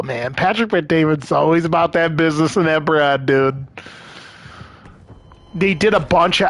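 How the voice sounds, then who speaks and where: Laughing a lot between bouts of profanity, a young man rambles casually while streaming a game. His voice is a little high and a bit bright, and there's slight background noise.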